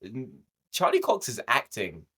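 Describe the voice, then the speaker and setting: A man's voice: medium pitch, wildly swooping pitch, measured pace, fairly bright tone, slightly rough. A young man co-hosting a podcast, chatting casually about a show, laughing often and swearing freely. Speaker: podcast co-host. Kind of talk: casual review chat.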